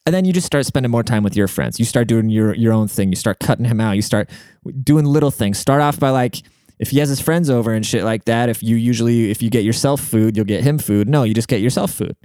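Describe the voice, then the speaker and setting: A man's voice: medium pitch, fast, mellow, clear, resonant tone, no echo, studio quality. A man hosting a podcast in casual, rambling chat full of swearing and filler words, giving relationship advice. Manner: profane, rambling bro-talk with filler words. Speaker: podcast host and rapper.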